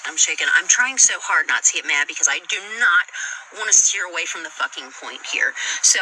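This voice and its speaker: A woman recounts her own story in a blunt, upset way, swearing as she goes. Her voice is very bright and cutting. Faint noise sits behind her. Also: medium pitch, animated, brisk, poor audio. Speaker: guest telling her story. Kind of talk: emotional personal account on a live stream.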